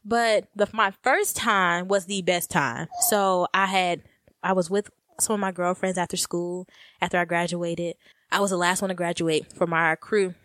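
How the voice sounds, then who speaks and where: A woman's voice: fairly low pitch, moderate pace, dry recording. Girl in her 20s chatting on a podcast, keeps laughing, says y'all a lot, dead dry mic. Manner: animated, laughing often, addresses listeners as y'all. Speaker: podcast co-host. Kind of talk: casual storytelling chat.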